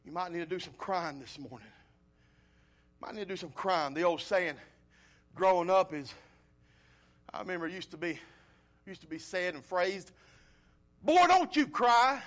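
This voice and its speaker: A male pastor preaching a sermon, swinging from loud pleading appeals to quiet, low storytelling. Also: moderate pace, pauses often.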